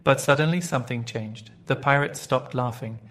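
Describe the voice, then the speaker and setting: A man narrating a children's story clearly and steadily for English learners. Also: mid-range voice, moderate pace, fairly bright tone. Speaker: audiobook narrator.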